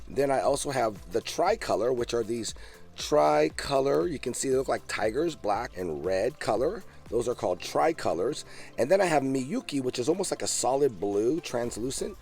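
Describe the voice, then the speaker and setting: A man chatting enthusiastically into a handheld phone outdoors by a backyard pond, his voice sitting at an ordinary middle pitch. He talks casually and keeps getting excited. Faint music plays quietly behind him. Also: moderate pace. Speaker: fish keeper vlogger. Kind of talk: casual show-and-tell vlog.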